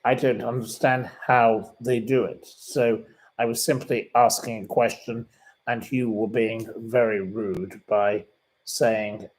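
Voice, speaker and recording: A man's voice: medium pitch, steady tone, slow, a little mellow, rough recording. A man hosting a casual livestream, reading out viewer comments in an indignant, repetitive manner. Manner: indignant and plummy, repeats himself. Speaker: livestream host. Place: sitting room.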